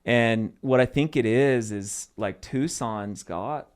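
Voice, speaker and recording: A young man from Arizona, appearing as a guest comedian on a casual podcast, tells stories in an animated way with loose fillers. His mid-range voice is clear and resonant, and he takes his time.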